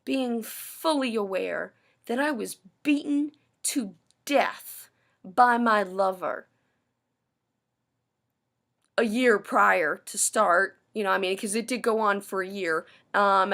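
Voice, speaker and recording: A woman's voice: mid-range voice, a little slow, bright, forceful tone. A woman ranting to camera in a personal vlog, bitter and sarcastic, swearing often. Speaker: vlogger. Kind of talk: angry personal rant.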